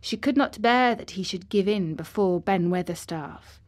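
A woman reading a classic children's novel as audiobook narration, measured and steady. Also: medium pitch. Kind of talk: scripted narration.

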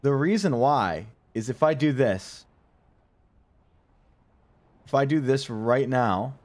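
A man's voice: mid-range voice, animated, slow, a little mellow. A man streaming live, chatting to his viewers in a joking, profane way while testing a voice changer. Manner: joking, profane, addresses chat directly. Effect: voice changer being tested. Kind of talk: casual livestream chat.

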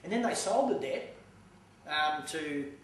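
A man's voice: on the high side, expressive, unhurried. An Australian man giving a blunt, profane lecture to a live audience, telling stories from his own life. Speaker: seminar speaker. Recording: echoey hall from far off, faint noise.

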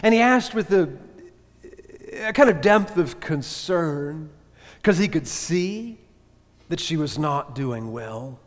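A male pastor preaching a sermon, telling a story earnestly, with sudden emphatic rises and hushed drops. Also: a little high, expressive, slow pace, long pauses. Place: church. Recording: echoey church hall reverb.

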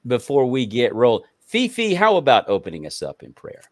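A man's voice: medium pitch, wildly swooping pitch, a little fast, no echo, clean studio sound. A man hosting an online talk show, introducing guests in an upbeat way and often restarting his sentences. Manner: upbeat, repeats words and restarts. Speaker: host.

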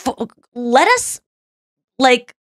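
A woman's voice: high-pitched, sing-song, very slow, a bit bright, dry recording, clean studio sound. A woman hosting a podcast in casual chat, gushing and chatty with lots of fillers and restarts. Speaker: podcast host.

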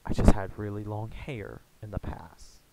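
A young American man chatting casually in a rambling, halting way, full of fillers and restarts. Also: lowish voice, flat delivery, heavy background noise. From United States. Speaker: gaming YouTuber. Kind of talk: casual rambling vlog chat.

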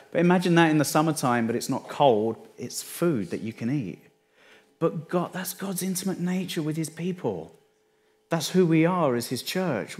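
A man with an English accent, a pastor delivering a sermon in a conversational way, often dropping his voice low for emphasis. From England. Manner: conversational, restarts phrases, dips quiet for emphasis.

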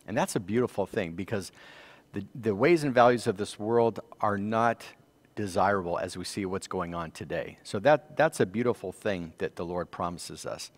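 A man with a low-pitched voice and an American accent leads a church Bible study. He reads passages aloud with lifted emphasis, then explains them in a steady teaching manner. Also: long reverb tail. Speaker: Sabbath School teacher.

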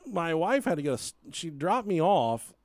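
Animated man telling a crude story. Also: on the high side, normal speed, no echo. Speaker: podcast host. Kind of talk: casual storytelling.

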